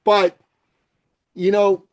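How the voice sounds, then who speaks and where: Blunt, swearing man with a high voice. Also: level tone, extremely slow. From Iran. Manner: blunt, swears freely, shifts from loud to quiet. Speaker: podcast guest. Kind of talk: forceful opinionated interview talk.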